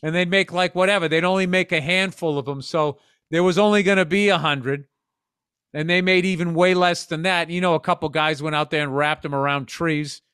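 A man's voice: fairly high pitch, steady tone, a little fast, a bit bright, clean tone, no echo, studio quality. A man in his fifties telling profane, rambling stories as a podcast co-host, now and then slipping into voices. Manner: profane storytelling, jumps into voices. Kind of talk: casual chat.

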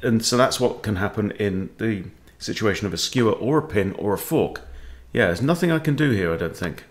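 A man's voice: on the low side, expressive, a little fast. A man who coaches chess, thinking aloud as he plays and talking to himself with wry asides. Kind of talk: thinking-aloud game commentary.

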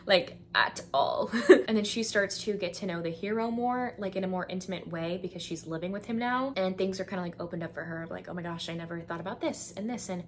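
A woman's voice: lowish voice, fairly quick, slight background noise. Chatty young woman with lilt. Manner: chatty, frequent fillers, acts out characters' lines. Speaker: book vlogger. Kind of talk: casual book recommendations.

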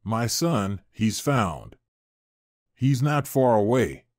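A man's voice: fairly low pitch, big pitch swings, slow pace, no echo, studio quality. A man reading the lines of a middle-aged woman fortune teller in a storybook tale, speaking briefly and directly. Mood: hushed confession. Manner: direct, then hushed.

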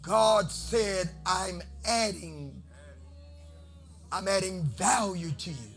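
High-pitched preacher man shouting over music. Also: drawn-out words. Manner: chanting, shouting, half-singing preacher. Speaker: bishop preaching. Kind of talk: sermon. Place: studio with congregation.

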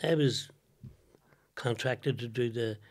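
A man's voice: mid-range voice, slow pace. Older man, podcast guest, casual chat, laughs a lot, swears. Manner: chatty, laughing, swears freely. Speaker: guest comedian.

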